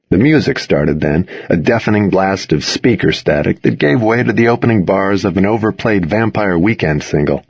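A man with a low, husky voice reads a first-person story aloud in a wry, measured way, his pitch moving a lot through each sentence. The recording is very dry, with a slightly muffled sound. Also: animated, dry recording. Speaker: audiobook narrator. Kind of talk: first-person audiobook narration.

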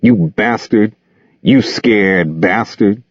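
A man reading a novel aloud, voicing an angry, hot-tempered young man who curses in a flat, menacing tone. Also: fairly low pitch, slow, no echo, dull audio.

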